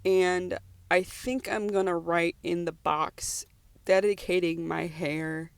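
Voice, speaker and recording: Young American woman, vlog voice-over; gravelly, rambling, emotional, close dry mic. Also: on the low side, steady tone, slow pace, no room sound. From United States. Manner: rambling, emotional, many restarts and "like"s. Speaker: vlogger. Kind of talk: personal voice-over podcast.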